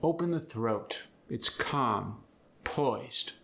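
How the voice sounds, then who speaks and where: A man voicing a refined, formal old-Hollywood gentleman with a Transatlantic accent, speaking calmly with crisp, deliberate diction. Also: medium pitch, slight background noise, heavily acted. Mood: poised, formal. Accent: Transatlantic (Mid-Atlantic). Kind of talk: theatrical accent demonstration.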